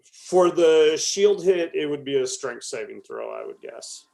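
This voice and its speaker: A man with a slightly higher voice, playing in a tabletop game. He thinks out loud about rules, hesitant and unhurried. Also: animated, vocal fry. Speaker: player. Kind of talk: casual tabletop play.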